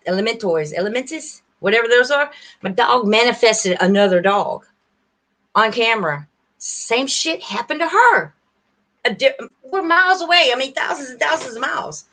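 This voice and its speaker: A woman's voice: a little high, fairly bright tone. Woman rambling heartfelt to her stream. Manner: rambling, heartfelt, talks straight to her viewers. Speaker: livestream host. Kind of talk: casual livestream chat.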